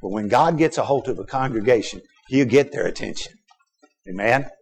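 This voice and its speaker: A man's voice: mid-range voice, lively intonation, moderate pace, gravelly, faint music behind. Emphatic preacher man. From Texas. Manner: emphatic preaching with sudden loud and soft swings. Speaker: pastor. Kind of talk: sermon.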